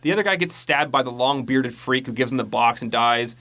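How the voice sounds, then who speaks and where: A man's voice: medium pitch, brisk, bright, forceful tone. A man casually recapping a horror movie on a podcast, rambling and profane, mocking the plot and mimicking lines. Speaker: podcast co-host.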